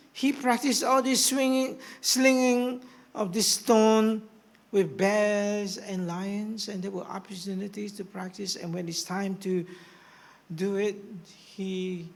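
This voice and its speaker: A man preaching a sermon as pastor, swinging from hushed whispers to rousing shouts. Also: sits high, fairly even intonation, slow pace. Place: church hall.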